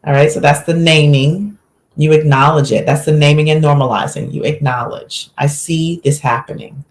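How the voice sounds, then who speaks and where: A woman physician, a guest on a podcast, telling a story with lively acted-out quotes in a relaxed conversational way. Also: low-pitched, normal speed, reverberant. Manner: animated storyteller, acts out quotes.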